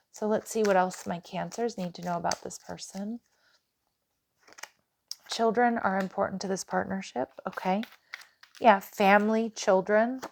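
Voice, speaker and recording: Chatty woman giving a tarot reading. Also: medium pitch. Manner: chatty, frequent "like" and "you know", addresses viewers directly. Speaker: tarot reader. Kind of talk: casual tarot reading to camera.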